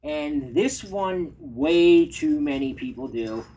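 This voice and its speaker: A man's voice: a little high, huge pitch swings, slow, gravelly, dark tone, husky, rough recording. A man, a dating coach, giving advice in an earnest, confessional way in a casual conversation.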